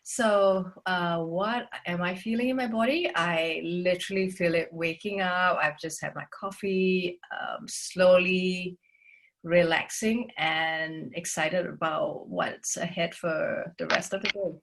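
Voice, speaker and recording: Sleepy, gravelly woman from Singapore. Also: lowish voice, fairly even intonation, takes it slowly. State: sleepy, just woke up. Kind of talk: video call check-in.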